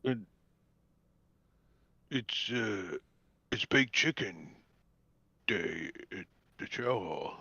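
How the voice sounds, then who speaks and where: A man speaking as a player in a tabletop game, hesitant and halting. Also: lowish voice, lively intonation, gravelly, sharp tone, husky, dry recording, muffled recording.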